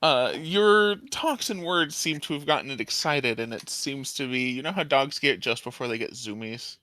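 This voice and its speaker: A man's voice: mid-range voice, normal speed, pushed and bright, no echo. A man running a tabletop game as game master, narrating and laughing often with his players.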